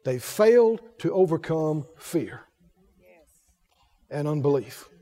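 A man preaching a sermon, asking the congregation question after question in a folksy, animated way. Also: fairly high pitch, takes it slowly. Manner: folksy, laughs between points. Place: church. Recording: echoey hall reverb.

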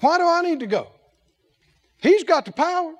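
High, lively-voiced male preacher. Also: normal speed. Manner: animated preaching, rhetorical questions to the congregation. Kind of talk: sermon.

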